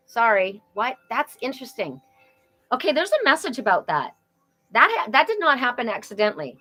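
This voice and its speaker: A woman hosting a live spiritual card reading, talking in a chatty, animated way with frequent exclamations. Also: fairly high pitch, normal speed, soft background music, rough recording. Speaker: oracle card reader and host.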